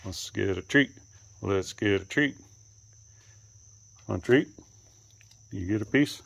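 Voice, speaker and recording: A man talking to his animals outdoors, coaxing and teasing them, sometimes cussing and calling out in a high voice. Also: takes it slowly, gravelly, long pauses. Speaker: animal keeper filming his pets. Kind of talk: casual running commentary to animals. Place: outdoors, rural.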